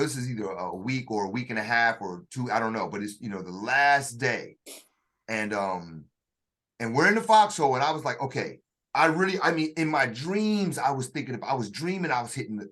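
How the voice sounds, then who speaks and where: A man telling a personal story in conversation, halting and restarting often, acting out what others said. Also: mid-range voice, fairly bright tone. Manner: halting, with frequent restarts and acted-out quotes. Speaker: author telling his story.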